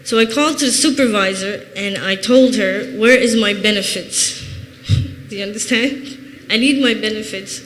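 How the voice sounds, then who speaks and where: A woman's voice: mid-range voice, normal speed. An earnest woman in her thirties tells her personal testimony in plain, heartfelt words. Her voice rings through a reverberant church hall. A faint background noise sits under the recording. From Chicago, USA. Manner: earnest, plain-spoken storytelling. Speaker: church member giving testimony.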